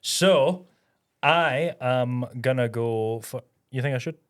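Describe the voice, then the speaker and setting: A man's voice: medium pitch, slow pace, noisy background. A man chatting casually on a podcast, giggly and meandering. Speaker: podcast co-host. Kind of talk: casual chat.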